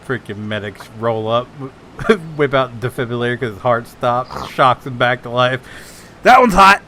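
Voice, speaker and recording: A man's voice: mid-range voice, fairly even intonation, moderate pace, a bit bright, a little hiss or hum. A man in casual chat who laughs often and riffs jokes onto a story.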